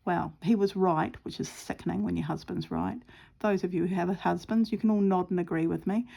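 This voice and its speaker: A woman's voice: fairly low pitch, fairly even intonation, a little fast, creaky, mellow. A middle-aged woman chatting casually at home while stitching, telling a rambling story with lots of ums. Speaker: craft vlogger.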